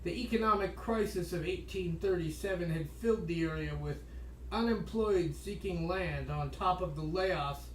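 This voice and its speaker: A man reading a history book aloud as a podcast host, slowing down for emphasis and breaking off for wry asides. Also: high voice, a little hiss or hum. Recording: echoey room, voice distant from mic.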